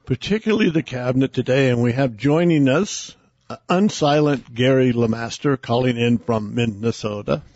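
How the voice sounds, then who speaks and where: Husky-voiced male radio talk host. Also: medium pitch, moderate pace, a little mellow, no room sound, muffled recording. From Oklahoma. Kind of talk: political radio talk show.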